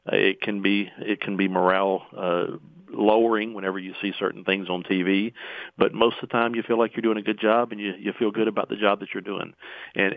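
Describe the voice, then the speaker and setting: A man's voice: sits low, gravelly, dry recording. A middle-aged man, speaking as a police union representative on an interview show, earnest and given to restarts. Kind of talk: interview guest. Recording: tinny phone line.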